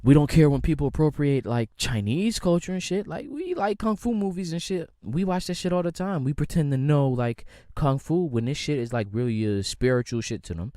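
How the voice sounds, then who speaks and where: In a warm, a little high, expressive voice, this young American podcast host talks fairly quickly with few pauses. Recorded cleanly in a studio with no echo, his solo rant is casual and rambling, loaded with slang and swearing.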